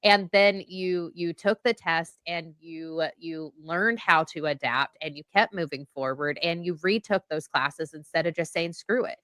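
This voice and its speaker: A woman's voice: low-pitched, unhurried, hardly any pauses, fairly bright tone, no room sound. A woman co-hosting a podcast, speaking in an emphatic, encouraging way. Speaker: podcast co-host. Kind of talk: casual chat.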